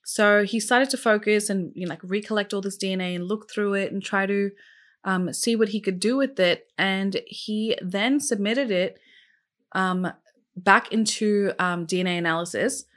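A woman's voice: medium pitch, normal speed, a bit bright. A woman hosting a true crime podcast, telling the case casually with lots of "like" and "um" and asking her listeners questions. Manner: chatty, many fillers like "like" and "um"; asks listeners questions directly. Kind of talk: casual storytelling.

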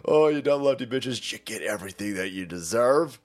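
A man's voice: mid-range voice, animated, brisk, soft background music. A man hosting a ranting commentary show, talking in a crude, mocking way and laughing often. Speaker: host.

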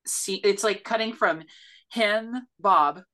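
A woman's voice: medium pitch, slow, fairly bright tone. A woman co-hosting a movie review podcast, talking in an enthusiastic, rambling way full of fillers. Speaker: podcast co-host. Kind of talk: casual movie review chat.

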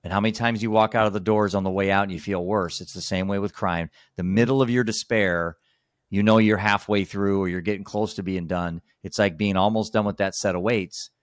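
A lowish, steady male voice moves briskly, recorded in clean studio sound without echo. As a podcast host, he talks casually and rambles, frequently restarting and saying "you know."

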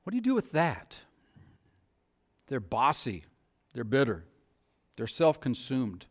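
A man's voice: mid-range voice, huge pitch swings, slow pace. A middle-aged male pastor preaching a sermon, asking the congregation rhetorical questions in a conversational way.

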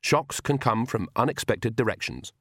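A man's voice: mid-range voice, animated, normal speed, fairly bright tone, no room sound. Male narrator, dry storytelling, comic fantasy audiobook, close dry studio sound. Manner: dry storytelling, voices characters.

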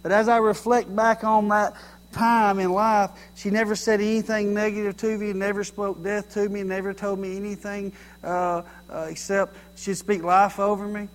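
Animated high-voiced man preaching. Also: normal speed. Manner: animated, folksy, mocking everyday sayings. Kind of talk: sermon.

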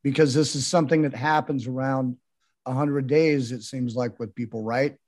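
A man's voice: medium pitch, fairly even intonation, normal speed, darkish tone, no room sound, clean studio sound. A man hosting an interview, speaking emphatically and turning to address the audience directly. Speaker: interview host. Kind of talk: conversational interview.

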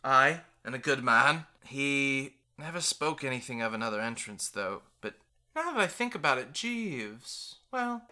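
A game master voicing a fierce female dwarf bartender who dodges questions and scolds loudly. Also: expressive, measured pace. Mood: evasive. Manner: evasive, then shrill and scolding.

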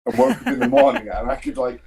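A young man co-hosting a casual podcast, speaking haltingly and correcting himself, with casual swearing. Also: extremely high pitch, big pitch swings, creaky, darkish tone. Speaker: podcast co-host.

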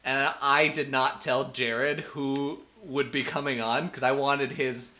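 Bright-voiced upbeat male podcast host. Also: mid-range voice, steady tone, slow pace. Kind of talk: casual chat.

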